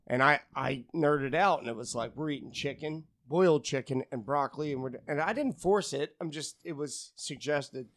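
A man's voice: a little high, moderate pace, hardly any pauses, dry recording. A man, a podcast guest, telling profane stories in casual banter and laughing often. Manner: animated storyteller, laughs often, swears a lot.

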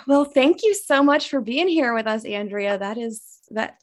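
Upbeat woman podcast host, lively pitch. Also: unhurried. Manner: upbeat, laughs easily. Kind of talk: casual podcast interview.

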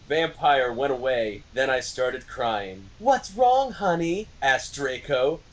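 A man's voice: medium pitch, a bit bright, poor audio. A man co-hosting a comedy podcast, reading a silly story aloud and often breaking into laughter. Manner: reads with bursts of laughter. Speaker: podcast co-host.

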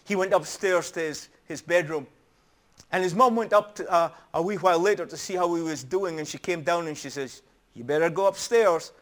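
A man's voice: on the high side, fairly quick, fairly bright tone. A middle-aged man preaching a sermon in an earnest, emphatic storytelling manner.

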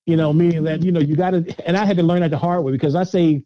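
Middle-aged male interview guest, higher pitch, animated and laughing, lo-fi dry recording. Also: very fast, no room sound. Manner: animated, repeats words while thinking, laughs often. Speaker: guest filmmaker. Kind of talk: casual interview answers. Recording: dull lo-fi dry sound.

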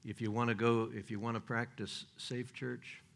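A man's voice: mid-range voice, flat delivery, normal speed, vocal fry, a bit bright. An older man preaching a sermon in a folksy, joking way, with loose restarts and chuckles.

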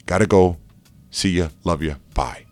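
Speaking in a deep voice at a measured pace, a married father who works as a life coach delivers a loose, joking motivational talk packed with fillers. Faint music plays behind him.

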